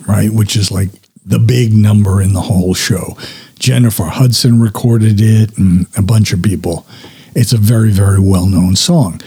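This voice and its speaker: A man's voice: lowish voice, mellow, slightly rough. A man hosting his own podcast, chatting casually and self-deprecatingly, swearing now and then. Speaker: podcast host. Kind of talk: casual solo podcast talk.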